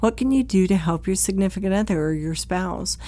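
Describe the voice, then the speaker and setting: A woman's voice: mid-range voice, animated, brisk, mellow. A woman hosting an advice podcast, speaking conversationally and acting out short quoted exchanges between partners. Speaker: podcast host, psychologist.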